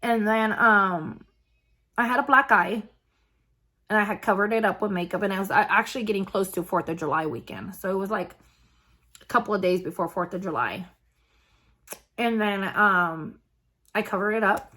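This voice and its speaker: A woman vlogger telling a personal story in a casual, halting way, with many fillers and restarts. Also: mid-range voice, sharp tone.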